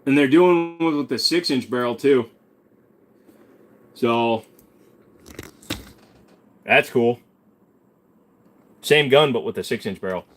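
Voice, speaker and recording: A man's voice: medium pitch, takes it slowly, pauses often. A male host in a casual livestream chat, laid-back, joking and profane.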